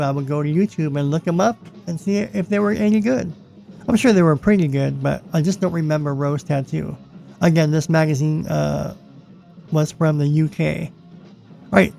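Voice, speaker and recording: A man's voice: fairly high pitch, vocal fry, darkish tone. A man hosting a casual video, flipping through a magazine page by page in a chatty, rambling way that repeats itself. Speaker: vlog host.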